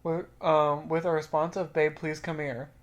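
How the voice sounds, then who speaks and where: Low-voiced woman reading a story. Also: level tone, moderate pace. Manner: drawling, swears casually. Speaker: podcast co-host. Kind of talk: casual chat and reading stories aloud.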